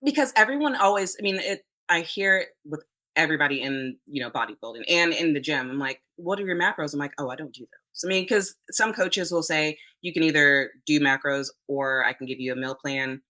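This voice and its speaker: A woman talking as a podcast guest in a relaxed interview, chatty and often quoting herself. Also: low-pitched, a little fast, poor audio. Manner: chatty, quotes herself often, frequent restarts. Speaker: podcast guest, fitness competitor. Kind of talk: casual interview chat.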